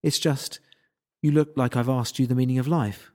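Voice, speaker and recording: A man voicing a young woman who speaks in a cool, deadpan way and teases her friend. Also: mid-range voice, moderate pace, close to an everyday voice. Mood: teasing.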